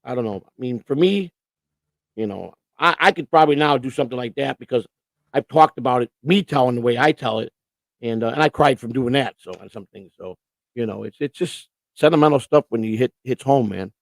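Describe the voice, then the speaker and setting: Hosting a casual live-stream chat show, a man with a medium-pitched voice and some vocal fry talks a little fast, rambling and stammering through repeated restarts. The sound is echo-free, recorded on a computer setup with earphones.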